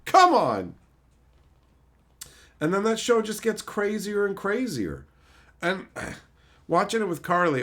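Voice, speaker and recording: Guy ranting on stream, voice jumping all over, cussing a lot. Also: on the high side. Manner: profane, animated ranting with mocking put-on voices. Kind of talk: casual chat.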